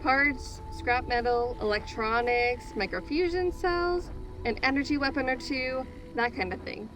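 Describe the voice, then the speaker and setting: Voicing a playful young tech merchant who builds robots, a woman delivers teasing, jokey video game lines in a chatty mood. Her voice sits high and unhurried, with background noise present.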